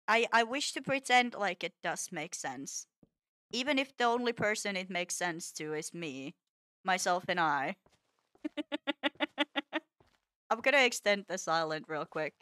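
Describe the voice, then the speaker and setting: Girl streamer building in a game, bright voice, slow and chatty, grumbles at stuff and laughs a lot. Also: fairly low pitch, clear, resonant tone, dry recording. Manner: talks to the game, playful frustration, laughs often. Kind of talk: casual gameplay chat.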